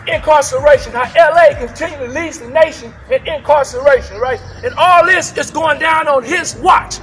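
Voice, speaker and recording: Fiery high-voiced man at a rally. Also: normal speed, fairly bright tone, soft background music. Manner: fiery, repetitive, keeps asking "right?". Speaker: protest speaker. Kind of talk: rally speech. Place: outdoors at a rally.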